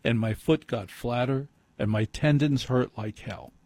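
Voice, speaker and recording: A man's voice: medium pitch, unhurried, a little mellow, breathy edge, no echo. A man telling a rambling, self-mocking comic story, speaking close to a mic. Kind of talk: comedic storytelling monologue. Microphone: close mic he adjusts himself.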